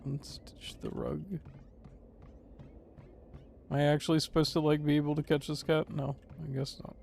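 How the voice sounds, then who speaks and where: A man's voice: on the high side, completely flat delivery, quick pace, gravelly, darkish tone, slight background noise. A man live-streaming a video game, reading its text aloud with playful, goofy commentary. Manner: playful and goofy, laughs and swears.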